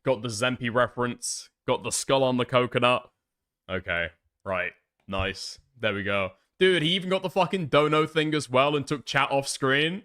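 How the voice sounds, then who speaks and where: A man's voice: mid-range voice, moderate pace, bright, forceful tone, no echo, clean studio sound. A man streaming live, rambling and thinking aloud in casual commentary, with frequent swearing.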